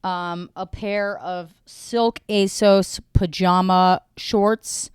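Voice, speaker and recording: A woman's voice: medium pitch, steady tone, drawn-out words, clean tone, dry recording. A woman hosting a podcast in casual chat, with dry, joking delivery. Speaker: podcast host.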